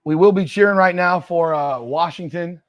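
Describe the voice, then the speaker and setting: A man's voice: high voice, moderate pace, dry recording. A man hosting a live football watch party, reacting to plays and ranting about rankings. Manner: excitable sports fan talk with repetitions, shouting at plays. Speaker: host of a sports live stream.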